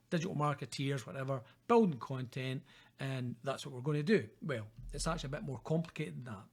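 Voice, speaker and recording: A middle-aged Scottish man lecturing to students in a casual, conversational way. His voice sits a little high for a man, and he keeps checking in with his listeners as he talks. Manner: chatty, informal, peppered with "okay?" and "guys". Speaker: university lecturer. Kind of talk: recorded lecture.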